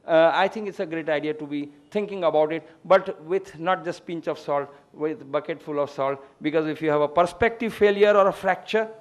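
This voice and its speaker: A man's voice: fairly high pitch, fairly quick, few pauses. A man speaking, giving a lecture as a guest speaker and closing it with a story. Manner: discursive, storytelling.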